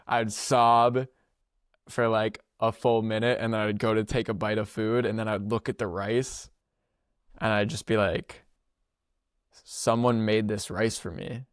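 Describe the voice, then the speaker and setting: A man's voice: fairly low pitch, fairly even intonation, unhurried, clear, resonant tone, no echo, studio quality. A young man co-hosting a podcast, telling a personal story in a rambling, slangy way full of fillers and frequent laughs. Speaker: podcast co-host. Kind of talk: casual storytelling chat.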